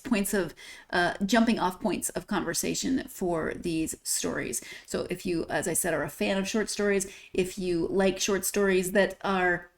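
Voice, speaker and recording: A woman hosting a book podcast, signing off in a chatty, rambling way and laughing at herself now and then. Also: mid-range voice. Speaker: podcast host. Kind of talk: casual solo podcast sign-off.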